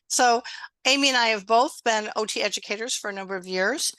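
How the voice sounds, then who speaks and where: A woman's voice: on the high side, fairly quick, dry recording. A middle-aged woman hosting an online exam-prep webinar, chatty and encouraging, talking over a video call. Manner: warm, encouraging, conversational.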